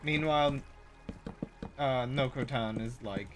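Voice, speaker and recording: A man's voice: medium pitch, slow, music in the background. A man streaming and chatting casually while tired, his voice crackly as he rambles with many fillers.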